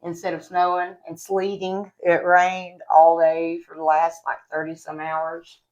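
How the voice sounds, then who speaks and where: A woman's voice: on the low side, monotone, unhurried, a little mellow, dull audio. A woman from West Virginia with an Appalachian Southern accent, chatting casually at home while reviewing products, folksy and talkative, calling viewers y'all. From West Virginia, USA. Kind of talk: casual chat to camera.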